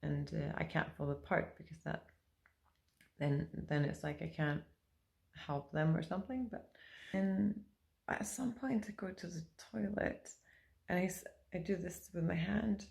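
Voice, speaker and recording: A woman's voice: on the low side, a little slow, vocal fry, a little mellow. A woman vlogger telling a personal story to camera in a rambling, hesitant way, full of fillers and restarts.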